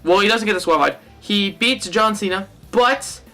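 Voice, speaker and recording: A man's voice: high-pitched, moderate pace, bright, forceful tone, soft background music. A young man rambling casually through a wrestling fantasy-booking monologue, correcting himself and cracking jokes as he goes. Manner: rambling, self-correcting and jokey. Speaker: wrestling fan vlogger.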